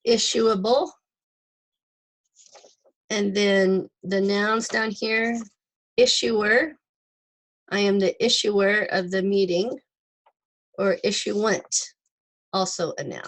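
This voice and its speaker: A woman teaching an online English class, stepping slowly through word forms with example sentences. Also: mid-range voice, low-quality recording. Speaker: ESL teacher. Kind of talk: recorded online lesson.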